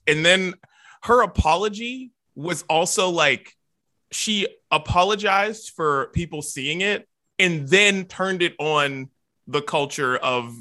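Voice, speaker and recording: A man co-hosting a casual podcast chat, animated and jumping up in pitch to make a point. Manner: animated, jumps high in pitch for emphasis. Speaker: podcast co-host.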